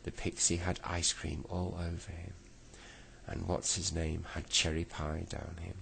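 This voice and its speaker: A man reading a bedtime story aloud in a slow, unhurried way, with small slips. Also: low-pitched, little pitch movement, gravelly, a bit bright, a little hiss or hum.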